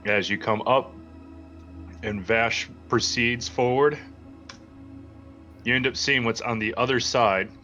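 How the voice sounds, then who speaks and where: A man's voice: medium pitch, fairly even intonation, slow, pauses often, sharp tone, dull audio, soft background music. A man running a tabletop roleplaying game as dungeon master, casual and dryly teasing, often laughing.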